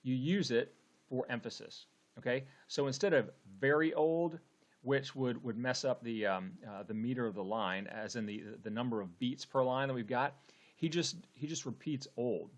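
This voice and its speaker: A man's voice: mid-range voice, moderate pace. Male teacher, casual poetry lecture, chatty with lots of "okay" and "um". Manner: conversational, frequent "okay" and fillers.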